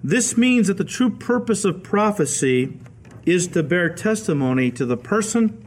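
A male pastor giving a radio Bible teaching sermon, telling the stories in a lively way and acting out the quoted voices. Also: sits high, normal speed, slight background noise. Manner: animated storytelling, acts out quoted voices.

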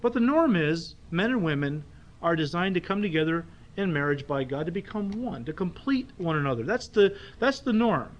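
A man with a fairly high voice preaches a sermon with emphatic delivery. He slows to press home key phrases and keeps turning to his listeners with quick rhetorical checks. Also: sing-song, dull audio. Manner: speaks directly to the congregation with rhetorical checks. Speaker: pastor.

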